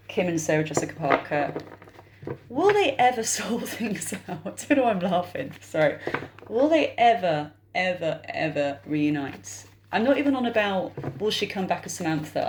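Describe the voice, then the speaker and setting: A woman with a British accent doing a casual tarot reading, chatting to her viewers and thinking aloud. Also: lowish voice. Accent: British English. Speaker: tarot reader.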